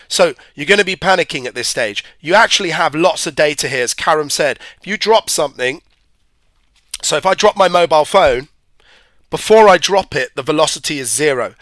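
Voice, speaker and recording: A man's voice: a little high, animated, normal speed, a bit bright, no echo, clean studio sound. Chatty man teaching physics. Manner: chatty, rambling, asides to viewers. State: hay fever. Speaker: physics tutor. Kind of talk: live-stream exam revision lesson.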